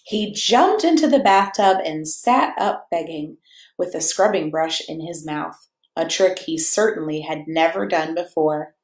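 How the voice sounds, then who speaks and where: Animated woman reading a picture book. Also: deep voice, unhurried. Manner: animated, playful, talks to the children and her dog. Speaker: children's story reader. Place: church or home room, echoey. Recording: echoey room.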